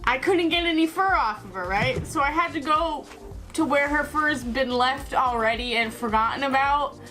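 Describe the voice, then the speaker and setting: A woman's voice: high-pitched, moderate pace, sharp tone, soft background music. A woman chatting through a casual crafting vlog, joking and teasing herself as she works. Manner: chatty and self-mocking. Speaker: craft vlogger.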